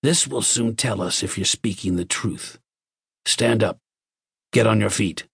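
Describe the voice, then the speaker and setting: A man's voice: on the low side, gravelly, husky, no echo, clean studio sound, heavily acted. A man doing a cold Martian officer. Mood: interrogating. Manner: slow, clipped, commanding.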